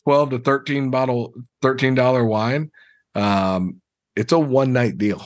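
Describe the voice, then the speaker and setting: A man's voice: mid-range voice, a little slow. A man co-hosting a podcast, chatting casually and joking with frequent restarts. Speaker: podcast co-host. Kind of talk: casual chat.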